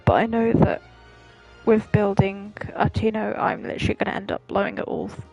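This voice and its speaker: Gravelly Scottish woman streamer. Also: mid-range voice, level tone, a little fast, a little mellow, dull audio, faint music behind. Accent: Scottish, softened toward British. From Scotland. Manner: chatty, rambling. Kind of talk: casual gameplay commentary.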